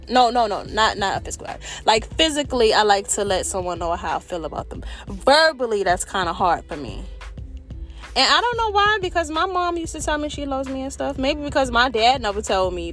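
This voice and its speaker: A woman, an adult with children, talking openly in a candid personal monologue, animated and expressive, with slang and a bit of cursing. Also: a little high. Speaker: vlogger.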